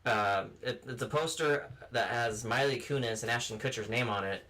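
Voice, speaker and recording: A man's voice: medium pitch, moderate pace, pushed and bright. A man hosting a movie podcast, reading out film news with casual asides and fillers. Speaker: podcast host.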